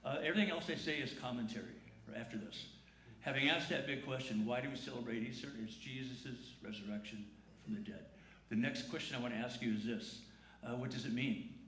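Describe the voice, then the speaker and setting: A man's voice: medium pitch, fairly bright tone. A man preaching an Easter sermon in a large church, conversational and joking, drawing the congregation into call-and-response. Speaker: pastor. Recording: echoey church room with faint noise.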